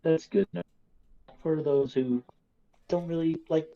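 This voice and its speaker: A man co-hosting a casual livestream, talking in a relaxed, chatty way. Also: fairly high pitch, measured pace, dull audio. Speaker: show co-host.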